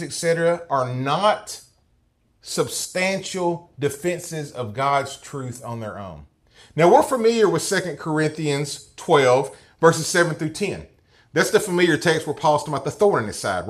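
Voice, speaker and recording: A man teaching through a Bible passage to a class, reading verses aloud and often checking in with listeners by asking "okay?" or "right?". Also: a little high. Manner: reads scripture passages aloud.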